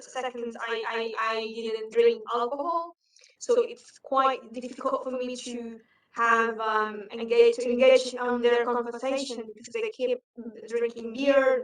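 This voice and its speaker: High-voiced woman, roomy sound. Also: a bit bright. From Indonesia. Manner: hesitant, many fillers, laughs easily. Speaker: guest. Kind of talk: casual interview storytelling. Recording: roomy, distant from mic.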